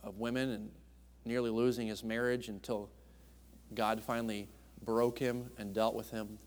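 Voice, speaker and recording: A man preaching a sermon as a guest speaker. He swings between hushed, tender passages and loud, emphatic ones, often restarting and stumbling over words. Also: fairly low pitch, little pitch movement, normal speed.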